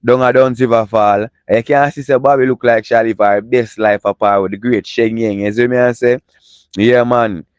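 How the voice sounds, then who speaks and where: A man with a Jamaican accent hosting a casual entertainment news show in patois, animated and chatty, full of catchphrases. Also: mid-range voice, moderate pace, clear, resonant tone, dry recording, muffled recording.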